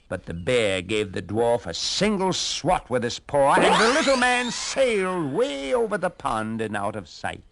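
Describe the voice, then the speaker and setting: A man narrating children's fairy tales on a storybook record in an animated, expressive way. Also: mid-range voice, unhurried, creaky, soft background music.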